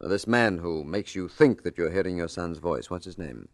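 An actor playing a calm, authoritative police detective who questions people in a measured way in a 1940s radio drama. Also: male voice, low voice, dry recording, clean studio sound. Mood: probing.

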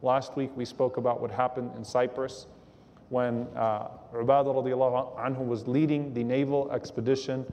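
A man giving a sermon to a live audience, animated, acting out the quotes in his stories and quizzing the crowd. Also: mid-range voice, moderate pace. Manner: animated, acts out quotes, asks the audience questions. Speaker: preacher. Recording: long hall reverb.

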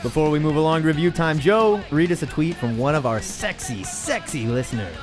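Guy cohosting a comics podcast, laughs a lot, gets animated, music going under him. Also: fairly high pitch, brisk. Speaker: podcast co-host. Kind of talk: casual comics podcast chat.

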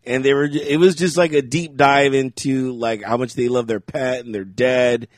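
This male podcast co-host has a mid-range voice with fairly even intonation at normal speed, recorded dry in studio quality. In casual chat he rambles through stories, often laughing and acting out other people's words.

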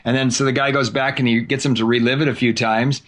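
A man chatting casually on a podcast, winding through a long anecdote at an easy, conversational pace. He sounds relaxed and talkative, drawing some words out as he goes. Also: mid-range voice. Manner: storytelling, chatty, drawn-out words. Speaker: podcast host. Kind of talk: casual chat.

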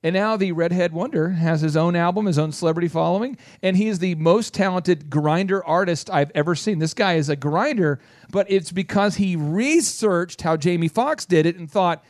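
A man with a bright, fairly high voice hosts a business radio show and tells a long story at full tilt. He acts out what people said in quick bursts. His voice sounds close and dry in the studio. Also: no room sound.

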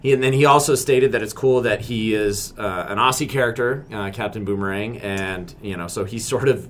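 A man's voice: lowish voice, brisk, fairly bright tone, a little hiss or hum. A man co-hosting a podcast in casual chat, rambling and joking with many restarts and fillers. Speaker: podcast co-host.

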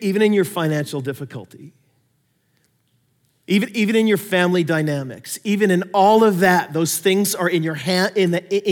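Pastor, male, fairly high voice, animated sermon delivery, long hall reverb. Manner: animated storytelling, swings from loud emphasis to quiet asides.

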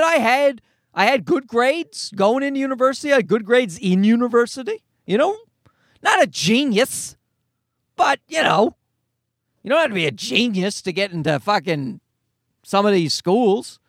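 A man in his forties talks through a solo podcast in a high, bouncy voice that leaps up and down. He rambles off on tangents, swears freely and makes fun of himself. The sound is dry and close, with no room around him. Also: sing-song, normal speed, a bit bright, no echo. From Canada. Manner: rambling, profane, self-deprecating. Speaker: podcast host. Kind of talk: casual solo podcast monologue.

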